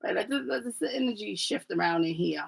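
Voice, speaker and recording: A woman's voice: medium pitch, lively intonation, fast, vocal fry, slight background noise, rough recording. A woman doing a casual livestream oracle card reading, chatty and rambling, who often adds "right?", calls viewers "family" and stumbles over names.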